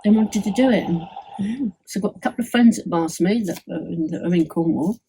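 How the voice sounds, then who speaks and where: A chatty woman talks at home, full of enthusiasm and often restarting her sentences. Her voice is mellow and slightly husky, with a relaxed, warm tone. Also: medium pitch, fast talker, rough recording. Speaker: homeowner giving a testimonial. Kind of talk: casual chat. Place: at home indoors.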